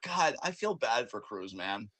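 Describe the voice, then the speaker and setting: A man co-hosting a casual wrestling review podcast, ranting with profane, animated mock outrage. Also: medium pitch, unhurried. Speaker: podcast co-host.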